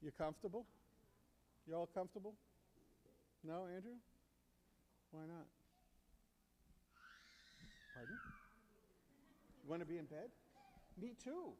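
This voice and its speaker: Man, deacon, children's sermon, teasing and coaxing, lively swooping voice, long church reverb. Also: high voice, slow, pauses often, slight background noise. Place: church sanctuary. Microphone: handheld or stand microphone.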